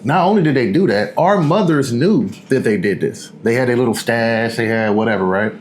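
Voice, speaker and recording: A man's voice: mid-range voice, animated, normal speed, slight background noise. A man in his forties co-hosting a casual chat show, laid-back and repeating words as he talks. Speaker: co-host.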